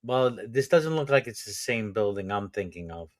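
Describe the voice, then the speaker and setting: A man's voice: on the low side, expressive, normal speed, dry recording, studio quality. A man hosting a live stream, chatting casually and thinking aloud with hesitations. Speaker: stream host. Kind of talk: casual chat.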